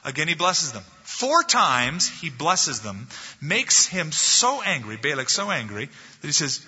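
A male pastor preaching a sermon, retelling a story with animated, emphatic delivery and a slightly husky voice. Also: a little high, a little slow. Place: church sanctuary. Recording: dull lo-fi recording in an echoey hall.

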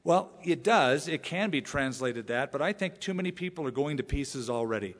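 A man preaching a sermon as a pastor, animated and emphatic, repeating phrases for effect. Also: medium pitch, moderate pace. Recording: long reverb of a large church hall.

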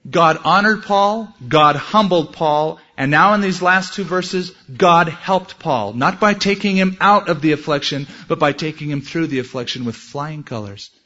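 An earnest male pastor delivers a sermon, with a voice that sits a touch higher than most men's. He moves from personal anecdote into quoted scripture and prayer. The recording sounds dull and lo-fi. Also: a little slow, hardly any pauses, bright, forceful tone.

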